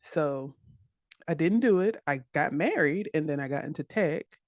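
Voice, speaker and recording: Woman, southern us accent, animated, laughs a lot, dry close recording. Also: deep voice, moderate pace, dry recording. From United States. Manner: animated, laughs often, acts out quoted voices. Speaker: podcast guest, web developer. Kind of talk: casual interview chat.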